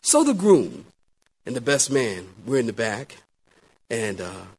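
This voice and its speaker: A middle-aged man, a pastor, preaching a sermon and telling a story, swinging between loud exclamations and hushed asides. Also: mid-range voice, sing-song, unhurried, breathy edge.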